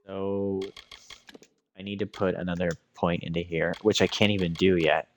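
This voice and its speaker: A man's voice: deep voice, little pitch movement, moderate pace, a little hiss or hum. A tired man giving casual commentary on his game as a let's play streamer, musing aloud as he weighs his choices.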